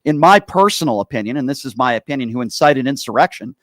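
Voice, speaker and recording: A man's voice: medium pitch, expressive, fast, fairly bright tone, dry recording, clean studio sound. A man hosting a political call-in show, talking bluntly and sarcastically, fired up. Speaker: radio show host.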